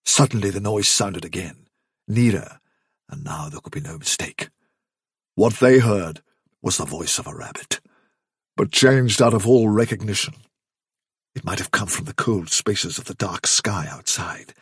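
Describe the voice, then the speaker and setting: A male audiobook narrator telling a tale in a measured, hushed voice with a husky grain. His pitch moves in lively arcs, and the sound is dry and close. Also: no echo. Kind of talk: scripted narration.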